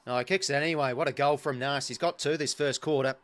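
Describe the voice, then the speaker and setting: A young Australian man giving casual live commentary on a football match he is watching as a fan, chatty and partisan, with excitable bursts. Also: mid-range voice, quick pace.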